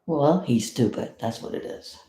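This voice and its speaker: A woman's voice: extremely low pitch, normal speed, warm tone, roomy sound. A woman from South Florida giving blunt, indignant live commentary as a vlogger, swearing freely.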